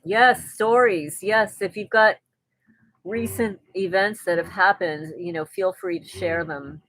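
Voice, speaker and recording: A woman's voice: medium pitch, measured pace, fairly bright tone, dry recording, rough recording. A woman hosting a casual live stream, reading viewers' comments aloud and answering them in a chatty way. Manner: chatty, with frequent restarts and light laughter.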